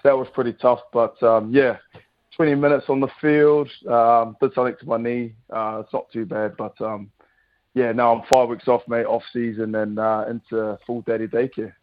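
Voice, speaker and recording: A man's voice: medium pitch, little pitch movement, moderate pace, narrow, tinny audio. A man in his thirties with a New Zealand accent, chatting casually as a radio guest with plenty of fillers. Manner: laid-back, chatty, lots of fillers. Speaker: guest rugby player.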